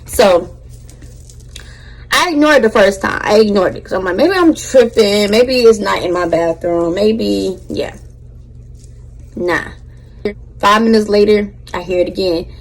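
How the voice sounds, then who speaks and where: A young woman telling a storytime on her vlog in casual slang, animated and chatty with her viewers. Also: mid-range voice, unhurried, pauses often. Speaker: vlogger.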